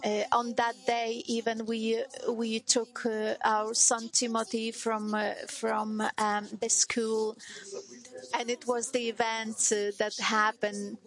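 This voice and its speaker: A middle-aged woman giving a personal testimony as a mother, speaking halting, non-native English with many hesitations and restarts. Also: a little high, completely flat delivery, fairly bright tone, low-quality recording.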